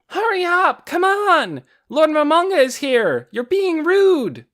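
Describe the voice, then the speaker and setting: A man voicing a brash, loud young dark elf girl in an audiobook, shouting and scolding. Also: very high voice, expressive, moderate pace, voice pushed up. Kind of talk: audiobook character voice.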